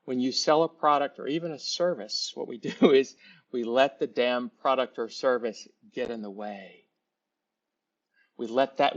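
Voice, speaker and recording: A man, a sales trainer, telling a teaching story in a folksy, animated way, in a slightly muffled recording. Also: medium pitch. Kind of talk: storytelling lesson.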